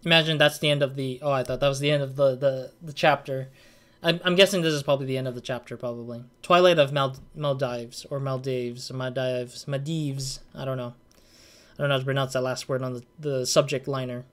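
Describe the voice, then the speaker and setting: A man's voice: mid-range voice, steady tone, fast, a bit bright. A young man casually commenting on a game he is playing, thinking aloud in a rambling way and leaning on fillers. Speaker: let's play gamer.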